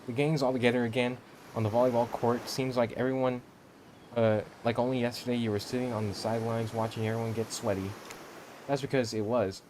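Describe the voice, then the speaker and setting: A man's voice: medium pitch, level tone, quick pace, noisy background. Playful man reading a game aloud. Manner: playful, joking, frequent self-corrections. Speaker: game streamer reading all parts. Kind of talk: casual game playthrough commentary. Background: music.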